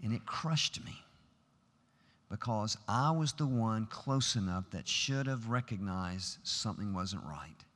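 A man's voice: lowish voice, animated, takes it slowly, a bit bright. A middle-aged man preaching a sermon in a large chapel, earnest and emphatic, building to rhetorical questions. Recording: long hall reverb.

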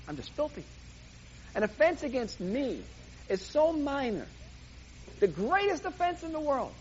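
A man's voice: sits high, muffled recording, a little hiss or hum. A man preaching a sermon in an emphatic, impassioned way, often repeating himself for emphasis.

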